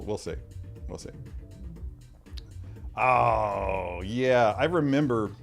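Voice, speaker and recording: A man's voice: on the low side, a little mellow. A man hosting a casual livestream, reading out viewer comments in a chatty way. He often repeats himself and trails off into mumbled asides. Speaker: livestream host.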